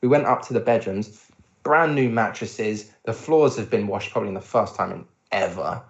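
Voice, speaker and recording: A young man co-hosting a podcast in casual chat, animated when telling stories and acting out what others said, swearing freely. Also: fairly low pitch, normal speed, vocal fry. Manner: animated storytelling, acts out quotes, swears. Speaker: podcast co-host. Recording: roomy, dull lo-fi sound.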